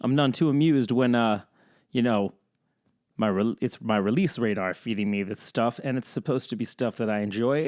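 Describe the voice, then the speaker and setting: A young man hosting his own podcast in a casual, rambling, joking solo chat that swings up and down in pitch. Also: moderate pace, a little mellow. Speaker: podcast host.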